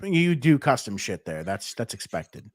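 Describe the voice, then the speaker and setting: A man's voice: medium pitch, big pitch swings, a little slow, dry recording, studio quality. A man in his thirties co-hosting a podcast, blunt and joking in casual profane chat. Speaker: podcast co-host.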